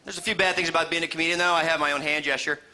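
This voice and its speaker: A man doing a stand-up comedy set in a club, animated and slipping into high character voices. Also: racing. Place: comedy club stage with a laughing audience. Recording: live club recording with crowd and noise.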